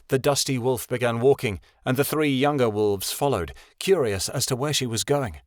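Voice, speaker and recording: A man narrating a fantasy audiobook in an expressive reading style. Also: mid-range voice, moderate pace, no echo, clean studio sound.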